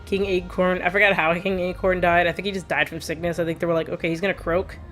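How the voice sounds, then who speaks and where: Woman gamer chatting away, laughs a lot, kinda low voice, faint game music behind. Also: flat delivery, fast, a bit bright. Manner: rambling, laughs often, chatty. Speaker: let's play streamer. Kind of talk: casual gameplay commentary.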